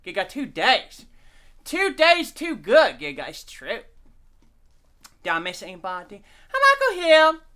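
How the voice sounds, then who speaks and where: A man's voice: sits high, very animated, slow pace, pauses often, pushed and bright. A man hosting a live stream, rambling and profane while he reads the chat and eats.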